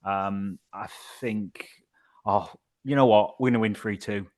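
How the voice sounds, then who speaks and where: A man co-hosting a casual football podcast, talking in a relaxed, reflective way and steering the conversation. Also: lowish voice, measured pace. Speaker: podcast co-host.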